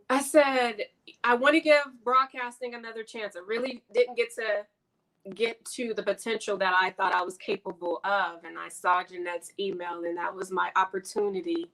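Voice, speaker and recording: A woman from Detroit hosting a live online interview, talking in an emotional, halting way and laughing often. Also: lowish voice, fairly bright tone, low-quality recording. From Detroit, Michigan. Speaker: host.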